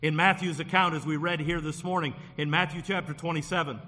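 Man, pastor, earnest sermon, high voice, long hall reverb. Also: fairly even intonation, brisk, sharp tone. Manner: earnest preaching, repeats phrases while building a point.

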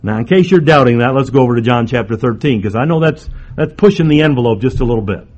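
A man preaching a sermon, emphatic, moving between raised and hushed delivery. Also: mid-range voice, lively intonation, fast, highs cut off.

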